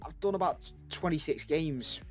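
A man co-hosting a gaming video, bantering loudly and jokily with plenty of swearing. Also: a little high, lively intonation, normal speed, soft background music. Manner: loud, swearing, jokey banter. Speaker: co-host.

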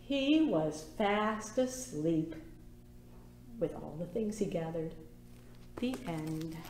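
A woman's voice: fairly low pitch, expressive, darkish tone, roomy sound. Librarian lady doing storytime, singsongy, draws words out, faint hum behind. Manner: slow, sing-song, inviting children to join in. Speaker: children's librarian hosting storytime. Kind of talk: reading a picture book aloud to children.

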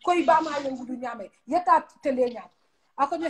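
A woman's voice: high-pitched, fairly quick, low-quality recording. A woman with a Gambian accent giving blunt, emphatic relationship advice in casual chat, slipping into local-language phrases. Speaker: advice giver.

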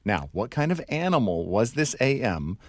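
Lively, playful man hosting, dry sound. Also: mid-range voice, normal speed, dry recording. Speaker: podcast host. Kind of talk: casual interview.

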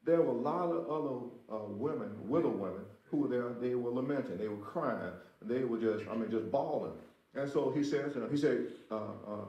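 A man's voice: mid-range voice, a little fast, mellow, lo-fi sound. Emphatic male pastor in a roomy church. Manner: emphatic, repeats phrases, talks directly to the congregation. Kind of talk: sermon. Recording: roomy echo.

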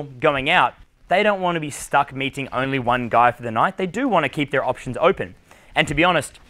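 A man's voice: a little high, bright, forceful tone. A man with an Australian accent coaching a live seminar audience on dating, talking bluntly and swearing freely. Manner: blunt, profane, punchy delivery. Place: conference room with live audience.

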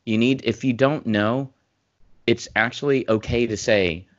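On a dull, dry remote mic with no echo, this podcast co-host and ex-doctor talks a little slowly at medium pitch. He rambles at length, restarting frequently and growing emphatic.

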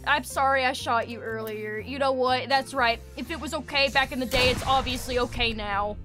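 A young woman streaming a game, talking casually in an excitable, rambling way and swearing often. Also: high-pitched, moderate pace, over music. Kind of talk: casual gaming commentary.

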